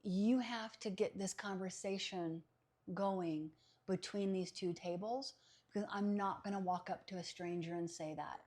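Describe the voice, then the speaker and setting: An animated woman, a psychic medium, speaks as a podcast guest in relaxed, chatty conversation. Her voice sits at an ordinary middle pitch. She laughs often and slips into the voices of the people in her story. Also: measured pace.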